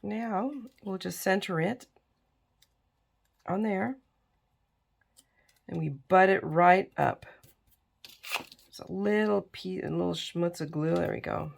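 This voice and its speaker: A tired, middle-aged woman talks her way through a crafting project in a relaxed, chatty way. Her voice sits low and has a gravelly edge. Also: takes it slowly, pauses often, a little hiss or hum. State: tired and yawning. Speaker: crafting video host. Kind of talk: casual crafting tutorial chat.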